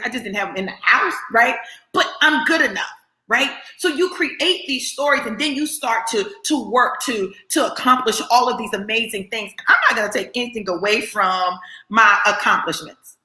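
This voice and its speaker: A woman's voice: medium pitch, pushed and bright. A middle-aged woman gives a personal motivational talk. She speaks earnestly and often checks in with the listener by asking "right?". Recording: roomy echo.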